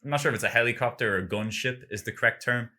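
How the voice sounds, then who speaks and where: A man's voice: medium pitch, rapid-fire, sharp tone. A man chatting casually on a gaming podcast, rambling and filling his talk with "like". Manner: rambling, heavy use of "like". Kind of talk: casual chat.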